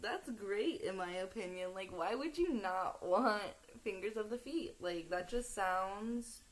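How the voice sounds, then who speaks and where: A woman's voice: mid-range voice, a little slow, rough recording. A young woman streamer chatting casually, telling a story with lots of laughter. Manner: giggly, animated storytelling. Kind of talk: casual chat.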